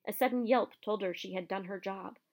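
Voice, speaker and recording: A woman narrating a children's novel aloud in a steady, even storytelling voice. Her pitch sits in the middle range for a woman. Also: fairly quick. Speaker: audiobook reader.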